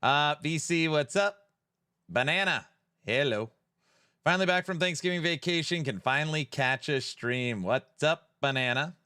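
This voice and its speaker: A man's voice: fairly high pitch, moderate pace, pushed and bright, smooth, no echo, clean studio sound. A man hosting a live stream in a playful, jokey way, greeting viewers by name as he reads the chat.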